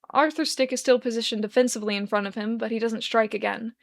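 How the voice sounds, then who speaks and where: Woman reading a story aloud, higher voice. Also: creaky. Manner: expressive, measured narration. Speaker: fanfic reader.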